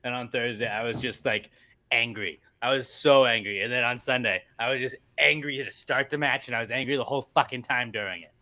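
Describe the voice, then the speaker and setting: A man's voice: mid-range voice, fairly quick, sharp tone. A man co-hosting a podcast in casual chat, ranting and swearing in exasperation. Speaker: podcast co-host.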